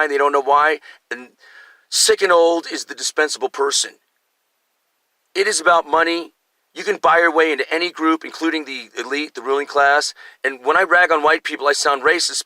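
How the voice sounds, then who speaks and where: An older man rants in a very bright, piercing voice that sits a little high. He talks in a profane, rambling way. The mic sound is dry and close. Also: dry recording. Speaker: vlogger. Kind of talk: ranting monologue.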